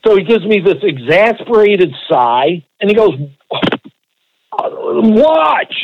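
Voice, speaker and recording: A man co-hosting a podcast, telling a long, animated, profane anecdote in a casual way. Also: high voice, normal speed, phone-quality sound, slight background noise. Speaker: podcast co-host. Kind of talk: casual storytelling.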